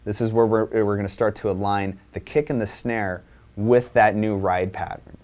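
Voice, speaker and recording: A man's voice: fairly low pitch, fairly even intonation, normal speed, a little mellow. A man teaching a drum lesson, explaining accent patterns and counting sixteenth notes aloud in a casual way. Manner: casual, repeats "right?" and restarts. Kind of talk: instructional lesson.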